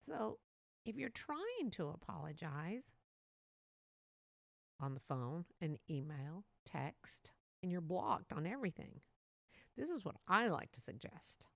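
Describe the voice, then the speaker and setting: A woman hosting a casual solo podcast, talking in a chatty, animated way and laughing often. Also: on the low side, vocal fry, breathy edge, dry recording. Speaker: podcast host.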